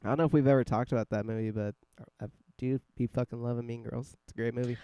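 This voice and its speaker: A man hosts a casual podcast, joking and swearing easily. His voice is warm and dark with a smooth, clean tone. It is recorded close, with a dry sound. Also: medium pitch, steady tone, fast talker, no echo. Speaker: podcast host. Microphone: scarf-wrapped microphone.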